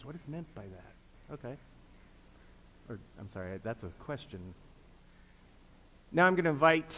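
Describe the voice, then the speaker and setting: A pastor with a medium-pitched, fairly bright voice leads a congregation through liturgical renunciations as a group reflection, patiently repeating prompts and inviting responses. The recording has long reverb and faint background noise.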